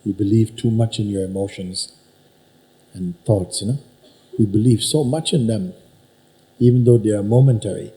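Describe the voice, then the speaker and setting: A man teaching at a spiritual gathering, unhurried and emphatic, probing his listener with repeated questions. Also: lowish voice, dark tone, rough recording. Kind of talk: satsang teaching talk. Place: teaching hall with an audience.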